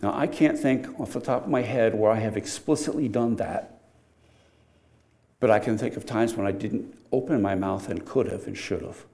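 Animated older male preacher, mellow voice. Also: fairly low pitch, normal speed. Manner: conversational, animated, with sudden loud emphatic rises. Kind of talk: sermon.

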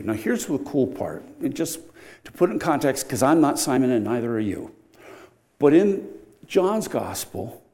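An older man preaching a sermon with a mellow, warm voice at a middling pitch. He talks in a casual, conversational way. Now and then he swings up loud and high for emphasis. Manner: conversational, animated, with sudden loud emphatic rises.

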